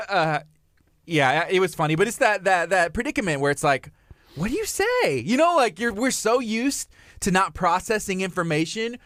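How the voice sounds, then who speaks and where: High-voiced chatty radio co-host man. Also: dry recording, clean studio sound. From Texas. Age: 30s. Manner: teasing, chatty, rising to excited emphasis. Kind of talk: casual morning radio banter. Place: radio studio.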